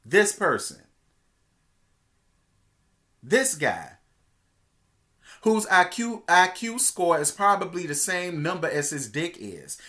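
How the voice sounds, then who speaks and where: A man recaps a TV episode in a casual, gossipy way. He speaks a little higher than most men, and he is sassy and chatty. He drops to hushed asides and then jumps to loud exclamations. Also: sing-song, slow, long pauses. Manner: sassy, chatty, addresses viewers as "girl". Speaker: TV show reviewer.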